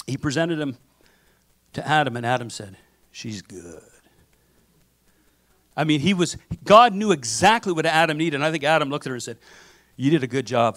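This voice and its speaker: Animated man preaching a sermon. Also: on the high side. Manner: animated storytelling with acted-out quotes. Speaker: pastor. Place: church sanctuary.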